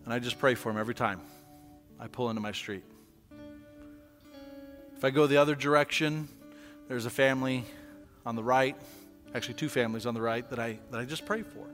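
A man preaching a sermon as pastor, conversational and asking the congregation questions, swinging from quiet to loud. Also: medium pitch, fairly even intonation, fairly quick, pauses often, in a large hall, soft background music.

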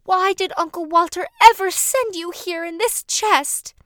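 A woman's voice: extremely high pitch, a little slow, fairly bright tone, no echo, studio quality, voice pushed up. A woman voicing an anxious, earnest young girl who pleads and explains in a storybook reading. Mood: distressed.

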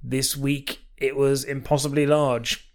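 A man co-hosting a podcast, easygoing and quick to laugh, with a lot of "um"s in casual chat. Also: medium pitch, flat delivery, a little mellow. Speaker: podcast co-host. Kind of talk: casual film-review chat.

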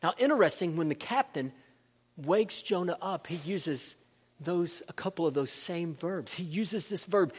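A man's voice: lively intonation, a little slow, slightly rough. A man reading scripture aloud and preaching, with emphatic, dramatic delivery. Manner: emphatic, rises in pitch and volume for dramatic scenes. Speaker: pastor. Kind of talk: sermon, scripture reading and teaching.

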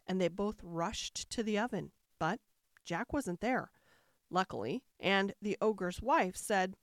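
Woman reading a fairy tale, lively storybook telling, dry close sound. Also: mid-range voice, slow pace, no echo. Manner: expressive storybook narration with rising emphasis.

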